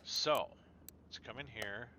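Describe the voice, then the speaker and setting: A man's voice: mid-range voice, slow, sharp tone, slight background noise. A middle-aged man streaming a game, explaining engine repair to viewers in a chatty, knowing way. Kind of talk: casual gameplay commentary.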